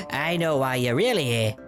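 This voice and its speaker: A man voicing a friendly, scrappy male Mogma treasure hunter from a video game, streetwise and chummy, reading the dialogue aloud with a lively lilt. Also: mid-range voice. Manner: chummy, streetwise, calls everyone pal.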